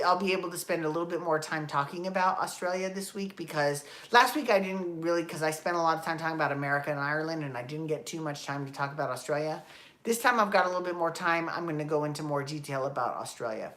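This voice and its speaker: Woman, low-pitched, chatty solo host, rambling, swears, self-correcting. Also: a bit bright. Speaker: podcast host. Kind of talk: casual solo commentary.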